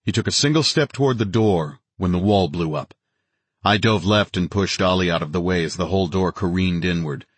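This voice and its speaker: Deep, husky male audiobook narrator. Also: a little fast, no room sound. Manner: steady, dramatic reading. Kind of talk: scripted narration.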